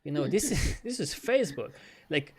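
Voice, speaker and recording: A man in casual chat who talks with animated swings and swears a lot, acting out dialogue as he demos software. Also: a little high, normal speed. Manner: animated and profane, mimics dialogue, laughs. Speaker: co-host. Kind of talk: casual chat, screen-share demo.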